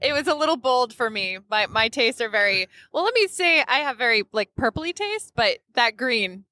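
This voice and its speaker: A woman's voice: a little high, animated, moderate pace, sharp tone. A woman co-hosting a podcast in casual chat, laughing often as she talks. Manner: giggly, laughs often while talking. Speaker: podcast co-host.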